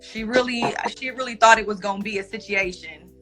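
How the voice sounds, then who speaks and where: A woman speaks firmly and with emphasis on a live stream, lecturing her viewers. Her voice is bright and forceful, with faint music in the background. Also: medium pitch, brisk. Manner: assertive, emphatic and preachy. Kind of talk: casual chat on a social media live stream.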